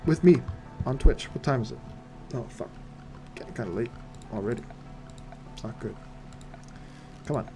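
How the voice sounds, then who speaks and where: A man's voice: mid-range voice, lively intonation, moderate pace, pauses often, warm tone, husky, faint music behind. A man streaming a game live, muttering to himself in casual commentary full of wry asides and rhetorical questions.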